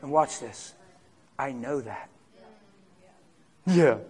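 A man preaching a sermon as pastor, swinging from hushed storytelling to loud, fervent shouting. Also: medium pitch, lively intonation, drawn-out words, breathy edge.

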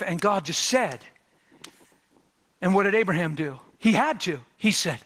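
Animated bright-voiced male preacher. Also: sits high, measured pace, pauses often. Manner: animated, dramatic swings from loud to hushed, acts out biblical voices. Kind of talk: sermon.

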